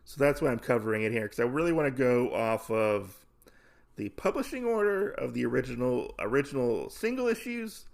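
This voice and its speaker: Male podcast host, casual recap, rambling and jokey, mid-pitched. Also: animated, fairly quick, creaky. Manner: rambling, self-correcting, jokey.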